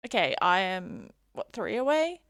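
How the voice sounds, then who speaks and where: A woman's voice: medium pitch, wildly swooping pitch, unhurried, fairly bright tone, clean tone, no room sound. A young woman from England chatting casually on a live stream, giggly and reading chat aloud into a desk mic. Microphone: desk mic she keeps bumping.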